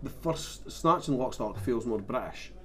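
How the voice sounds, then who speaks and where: A man in a casual film chat, hesitant and halting. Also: medium pitch, animated, fairly bright tone.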